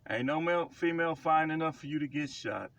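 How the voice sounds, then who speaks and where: A man's voice: on the high side, a little fast, fairly bright tone. Blunt, emphatic man preaching advice. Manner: blunt, emphatic, repeats himself for stress. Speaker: self-described prophet giving life advice. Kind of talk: casual preaching monologue to camera.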